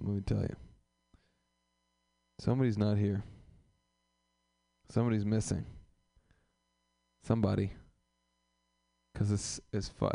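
Gravelly low-voiced man hosting an open mic. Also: dark tone, dry recording, studio quality. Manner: profane, rambling and teasing with the audience. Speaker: comedy open mic host. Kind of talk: live crowd work banter. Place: small sparsely attended live comedy room.

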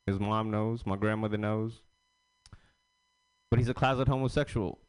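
Dude doing crude rambly standup at an open mic, clear smooth voice, laughs at his own stuff. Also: on the low side, fairly even intonation, moderate pace, a little mellow. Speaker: stand-up comedian. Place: comedy club stage.

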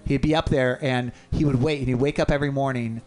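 A man co-hosting a radio show in a studio, telling a long story in a rambling, animated way and swearing freely. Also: mid-range voice, quick pace, soft background music. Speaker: co-host. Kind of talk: casual storytelling on talk radio.

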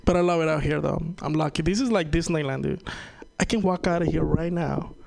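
Stand-up comic, Spanish native, Venezuelan accent, raised gravelly voice, loose and profane. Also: male voice, on the high side, brisk, darkish tone. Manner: loose, profane, laughs at own jokes. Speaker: stand-up comedian. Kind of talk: stand-up comedy set. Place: comedy open mic.

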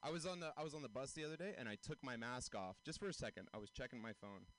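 Animated young man doing stand-up. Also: very fast, low-quality recording. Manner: animated, jumps into high squeaky voices for bits. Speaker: stand-up comedian. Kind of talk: stand-up comedy set. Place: outdoor comedy show.

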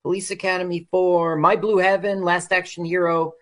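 A man co-hosting a radio show, rambling through casual movie commentary and laughing often. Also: high-pitched. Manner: lively, rambling, quick to laugh. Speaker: radio co-host.

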